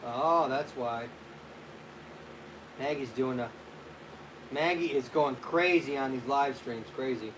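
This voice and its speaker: A man's voice: mid-range voice, slow pace, long pauses, noisy background. A man hosting a casual live stream as a physical therapist, chatting loosely, greeting viewers by name and answering their questions.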